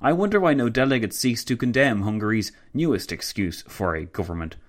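A man voicing a brash, provocative male prime minister who talks loudly and needles others. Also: medium pitch, animated, close to an everyday voice. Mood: needling. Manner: loud, needling, quick.

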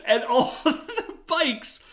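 Guy cohosting a podcast, lively and bright, keeps laughing and doing little voices. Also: very high voice. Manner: animated, laughs often, acts out lines in quick funny voices. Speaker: podcast co-host. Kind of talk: casual chat recapping a TV episode.

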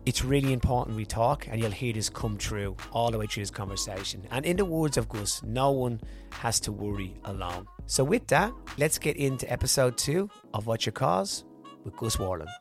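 An Irish man hosts a podcast, speaking in an earnest, upbeat way with plenty of fillers. His voice sits at a middle pitch. Faint music plays quietly behind him. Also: lively intonation, moderate pace. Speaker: podcast host. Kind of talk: podcast intro and interview.

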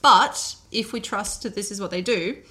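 A woman's voice: mid-range voice, moderate pace, pushed and bright. A woman hosting a casual chat, telling a history story with many fillers and easy laughs.

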